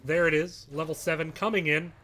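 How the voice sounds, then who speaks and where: A man giving live play-by-play commentary on an esports match, calm between plays and shouting with excitement at big fights. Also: on the high side, fairly quick. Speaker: esports caster.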